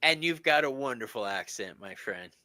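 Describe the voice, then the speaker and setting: A man hosting a live tarot stream, joking and laughing often in an animated way. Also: mid-range voice, moderate pace, no room sound. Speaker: tarot reader and stream host. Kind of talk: livestream tarot chat.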